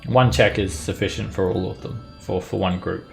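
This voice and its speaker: A man narrating as dungeon master of a tabletop game, describing the action in a lively way with chuckles. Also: sits low, moderate pace, gravelly, faint music behind.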